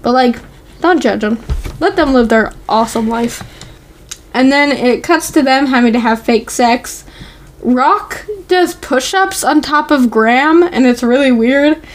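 A woman with a notably high voice chats casually as a podcast co-host. Her talk is loose and giggly, full of "like" and "um". She keeps an easy, unscripted flow. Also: measured pace. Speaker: podcast co-host recapping a TV episode. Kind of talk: casual chat.

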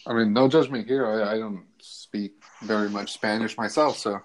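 A man's voice: fairly low pitch, fairly even intonation, normal speed, poor audio. A man in casual chat, giving brief agreeing replies and laughing along.

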